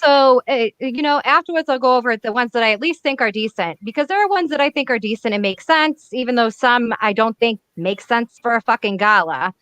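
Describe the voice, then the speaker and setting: A woman hosting casual comic commentary on a webcam, blunt, profane and excitable. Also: fairly high pitch, fairly quick, few pauses, clear, resonant tone, no echo. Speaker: comic reviewer host.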